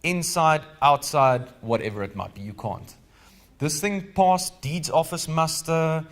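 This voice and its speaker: A man's voice: fairly high pitch, big pitch swings, measured pace. A man with a South African accent leading a live legal training seminar, explaining rules conversationally and quizzing the audience with questions.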